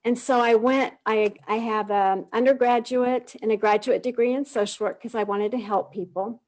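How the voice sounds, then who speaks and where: A woman in her forties tells her own story over a video call, with a slightly high voice. She talks in an earnest, heartfelt way, often restarting her sentences. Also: steady tone, normal speed, darkish tone. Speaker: guest sharing her testimony. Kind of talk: emotional personal testimony on a live stream.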